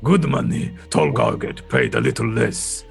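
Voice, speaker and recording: A man's voice: lowish voice, wildly swooping pitch, a little slow, gravelly, over music, exaggerated voice. A man voicing a young male bodyguard warrior who talks in broken grammar and refers to himself in the third person. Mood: boastful.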